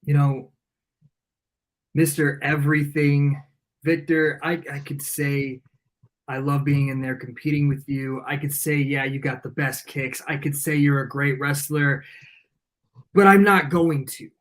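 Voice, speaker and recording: A man, a pro wrestler, cutting a cocky, taunting promo that drops to a low, menacing tone. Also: fairly even intonation, measured pace, fairly bright tone.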